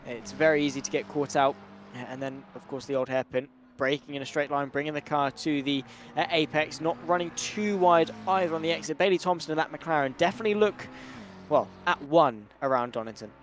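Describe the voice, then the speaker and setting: Brisk man calling a sim race. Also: a little high, slight background noise. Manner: brisk, chatty play-by-play with British slang. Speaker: sim racing commentator. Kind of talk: live race commentary.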